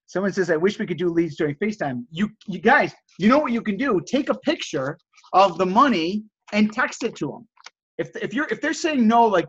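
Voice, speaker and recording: A man's voice: high-pitched, a bit bright, husky, highs cut off. A man hosting a live stream, coaching viewers on negotiation and reading out chat messages in an enthusiastic salesman-like way. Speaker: host of a live stream teaching resale negotiation.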